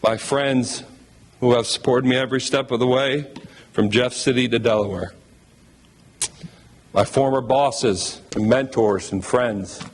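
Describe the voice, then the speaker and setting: A man speaking as a new head basketball coach at a press conference, heartfelt, emotional and thankful. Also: mid-range voice.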